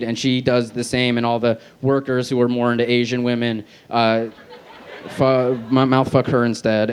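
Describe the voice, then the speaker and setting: A man reading his own crude fan fiction aloud on an outdoor festival stage, deadpan with self-aware asides. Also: mid-range voice, clear, resonant tone. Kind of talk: live stand-up reading.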